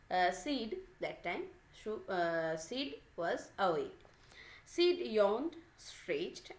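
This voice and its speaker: A woman teacher reading a story aloud in halting phrases and stopping to explain word meanings. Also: medium pitch. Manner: halting, many fillers and restarts. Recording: echoey room.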